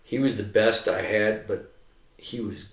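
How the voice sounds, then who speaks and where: Swearing middle-aged army veteran, echoey room. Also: male voice, fairly low pitch, fairly even intonation, a little slow, gravelly. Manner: profane, rambling, heavy swearing. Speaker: veteran telling army stories. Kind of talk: casual storytelling chat.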